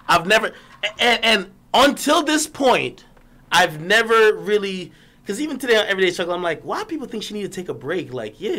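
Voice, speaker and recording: Animated man ranting on a stream. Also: high-pitched. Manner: animated, laughs often, swears, repeats and restarts. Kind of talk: animated live-stream rant.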